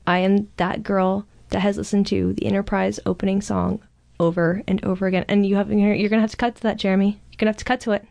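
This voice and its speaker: A woman's voice: medium pitch, little pitch movement, fast talker, creaky, a little mellow, no echo. Casting: chatty woman in her thirties, eager, rambling, dry close sound. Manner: eager, rambling, swears casually. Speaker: podcast co-host. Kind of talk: casual chat.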